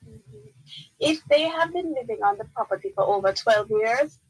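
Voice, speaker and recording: A woman's voice: on the high side, expressive, normal speed, husky, rough recording. A woman with a Jamaican accent, a lawyer answering listener questions on a radio call-in show, explaining firmly and repeating key points. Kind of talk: radio call-in legal advice. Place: radio studio.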